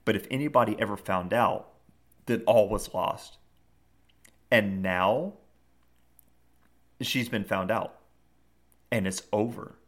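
Low-voiced male co-host, rambling casual retelling. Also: takes it slowly, long pauses, fairly bright tone. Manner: rambling retelling full of fillers. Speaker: podcast co-host. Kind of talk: casual chat.

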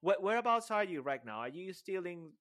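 A man's voice: high-pitched, very animated, a little fast, fairly bright tone. A man co-hosting a podcast, effusive and playful, heaping praise on his guest. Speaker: podcast co-host. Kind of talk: casual podcast chat.

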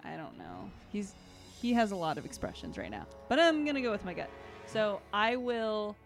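A woman's voice: mid-range voice, big pitch swings, normal speed, vocal fry. A woman playing a tabletop game, thinking aloud with hesitant fillers and frequent laughs. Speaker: player. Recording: light background music.

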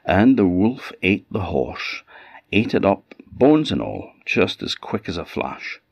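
A man with an Orcadian accent telling a folktale in an unhurried, conversational way with asides. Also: deep voice, sing-song, gravelly, darkish tone, breathy edge, no room sound. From Orkney, Scotland. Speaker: storyteller. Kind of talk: oral folktale storytelling. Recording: slightly dull dry audio.

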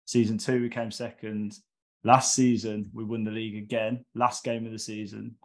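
A man on a podcast telling a comic football story, lively, with loud high-pitched bursts when quoting others. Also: normal speed. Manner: animated, shouts quoted lines in a high voice. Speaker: guest storyteller.

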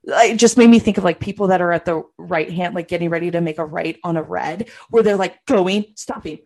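Woman, podcast co-host, emphatic and opinionated, casual chat, lowish voice. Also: fairly quick, darkish tone.

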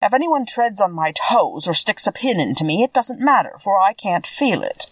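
A husky, soft-hearted scarecrow stuffed with straw, put on by a woman reading a storybook aloud. He is polite, friendly and earnest, with a lively rise and fall in his voice. The sound is dry and the mic is a little distant. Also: mid-range voice, moderate pace, no echo. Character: gentle naive male scarecrow of straw.

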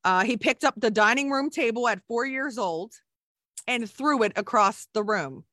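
A woman's voice: fairly high pitch, moderate pace, pushed and bright, dry recording, studio quality. A middle-aged woman, a nurse, telling her story candidly in an emotional, rambling way with many restarts. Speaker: guest, nurse.

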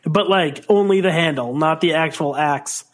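A man in his thirties with a fairly high voice trades jokes through a casual wrestling chat. He is playful and keeps slipping into silly put-on accents. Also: moderate pace. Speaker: podcast co-host.

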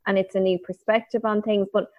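A woman's voice: medium pitch, flat delivery, fairly quick, no echo. A woman comedian co-hosting a casual podcast chat. She muses with wry humor. The recording is dull and lo-fi, with a dry, close sound.

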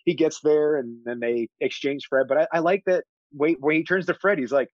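A man's voice: fairly high pitch, steady tone, brisk, no room sound. Brief: enthusiastic male film podcaster, laughs a lot, muffled lo-fi mic. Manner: enthusiastic, laughing often, acting out movie lines. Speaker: podcast co-host discussing a film. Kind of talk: casual film discussion.

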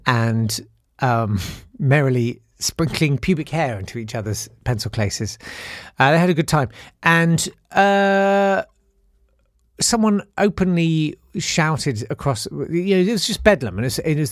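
A man's voice: medium pitch, animated, normal speed, dry recording, studio quality. A man hosting a podcast, telling a school story in a wry, self-deprecating way and acting out the people in it. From South East London. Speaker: podcast host. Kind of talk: casual storytelling monologue.

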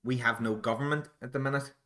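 A man's voice: mid-range voice, steady tone, fast, sharp tone. A Northern Irish man hosting a solo podcast, musing in a rambling, digressive, self-deprecating way. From Northern Ireland. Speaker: podcast host.

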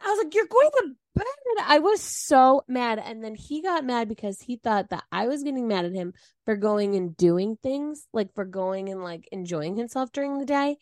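Animated woman telling a story. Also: fairly high pitch, normal speed, dry recording, clean studio sound. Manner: animated storytelling, acts out quotes. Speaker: podcast co-host. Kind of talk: casual chat.

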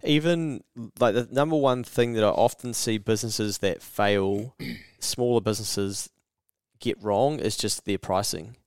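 A man's voice: lowish voice, unhurried, clear, resonant tone, no echo, clean studio sound. A man co-hosting a casual podcast chat, telling stories with lots of energy, swearing freely and acting out what people say. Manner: animated storyteller who swears freely and acts out quotes. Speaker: podcast co-host.

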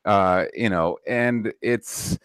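A man's voice: fairly low pitch, drawn-out words, fairly bright tone, smooth, no echo. A man hosting a podcast, talking in a blunt, profane, ranting way during casual political chat. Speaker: podcast host.

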